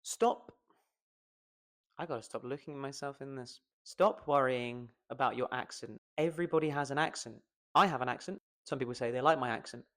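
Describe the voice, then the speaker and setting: A man's voice: mid-range voice, a bit bright. A man, a voice coach giving a playful, self-mocking pronunciation lesson to camera and stretching out the stressed syllables.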